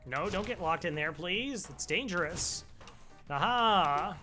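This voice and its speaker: Bright, unhurried young male streamer. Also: sits high, animated, soft background music. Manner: laid-back, wry asides to chat. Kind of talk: casual game commentary with chat.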